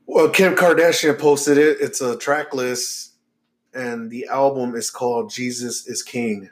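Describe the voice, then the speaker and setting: A man co-hosts a casual podcast chat. He sounds relaxed, leans on "like" fillers and swears freely. His voice sits in an ordinary middle pitch. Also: a little slow. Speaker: podcast co-host.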